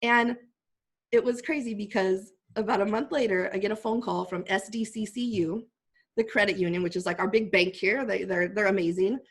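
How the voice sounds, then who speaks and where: A middle-aged woman, a guest speaker, telling a heartfelt personal story in an animated way. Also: mid-range voice, normal speed.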